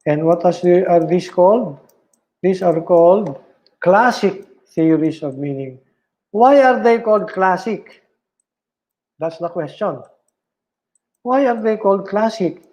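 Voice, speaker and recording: A man giving an online philosophy lecture, speaking deliberately, repeating key terms and checking in with "all right?". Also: sits high, darkish tone, low-quality recording. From Philippines.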